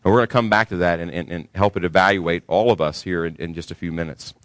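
A man's voice: low voice, steady tone, quick pace, fairly bright tone, dry recording. A man pastor delivering a sermon to his congregation, preaching emphatically and rising sharply when he stresses a point.

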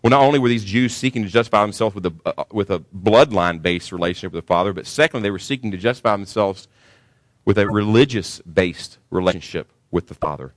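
A male pastor with a lowish voice preaches to his church, emphatic and driving, his voice climbing hard on the points he wants to land. The sound is close and dry, with little room echo. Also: fast talker. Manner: emphatic preaching, rising sharply when stressing a point. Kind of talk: sermon.

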